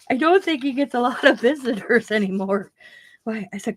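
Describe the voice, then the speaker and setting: A woman's voice: a little high, lively intonation, brisk, no echo. A woman hosting a craft vlog, chatty and often laughing as she tells a story. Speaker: craft channel host. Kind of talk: casual craft vlog chat.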